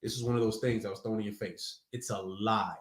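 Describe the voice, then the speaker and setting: A man's voice: lowish voice, steady tone, brisk. A man teaching a sermon in a casual, slangy, conversational way. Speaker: preacher. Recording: echoey room.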